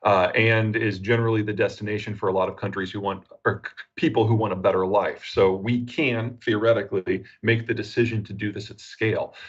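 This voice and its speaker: A man with an American accent, a geopolitical analyst giving measured, analytical interview answers with frequent "uh" fillers. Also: on the low side, husky, dull audio.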